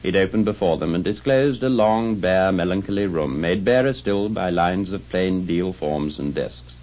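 A man narrating a classic tale in an expressive, dramatic reading style. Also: sits low, normal speed. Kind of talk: scripted storybook narration. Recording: dull lo-fi recording with faint music.

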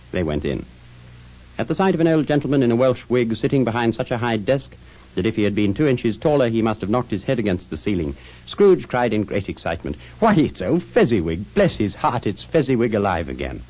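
A man narrating a classic tale in an expressive, dramatic reading style. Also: on the low side. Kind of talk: scripted storybook narration. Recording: dull lo-fi recording with faint music.

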